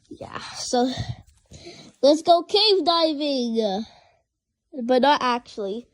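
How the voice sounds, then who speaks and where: A young woman talks casually to the camera and to her cat, playful and rambling. She often stumbles and restarts her sentences. Her voice sits high for a woman. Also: lively intonation, slow, pauses often, poor audio. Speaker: vlogger. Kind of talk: casual vlog chatter.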